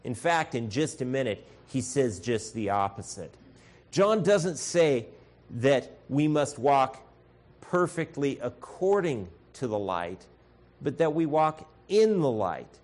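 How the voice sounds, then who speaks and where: Male pastor, sermon, slow deliberate delivery, earnest and blunt. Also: mid-range voice, animated. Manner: earnest, addresses congregation as folks, acts out shouted voices.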